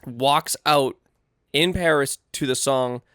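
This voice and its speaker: A man's voice: medium pitch, slow pace, fairly bright tone, clear, resonant tone, no echo, clean studio sound. A man co-hosting a fight podcast, recapping news and correcting his co-host in casual chat.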